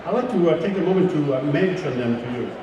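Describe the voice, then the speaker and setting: A chatty man emceeing a live gala, ad-libbing to the crowd over a PA microphone in a large banquet hall. His voice sits high. The sound is very echoey with a long reverb tail and heard from a distance, with faint noise behind. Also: animated, quick pace, highs cut off. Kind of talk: live event hosting and joke telling.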